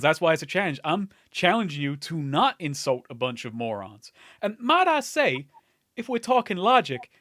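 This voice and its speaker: A man's voice: sits high, fairly bright tone, no room sound. A man voicing a curt, exasperated dealmaker in a tabletop game, lecturing with dry sarcasm.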